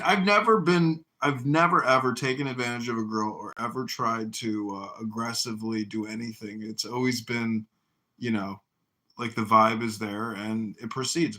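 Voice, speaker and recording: A man's voice: mid-range voice, sharp tone, rough recording. A man in a casual chat, talking in a rambling, hesitant way with many fillers.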